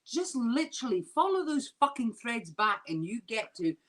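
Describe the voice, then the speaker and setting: A woman's voice: on the high side, very animated, normal speed, fairly bright tone, a little hiss or hum. A woman comedian ranting and swearing in a drunken comedy chat over a video call. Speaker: comedian guest.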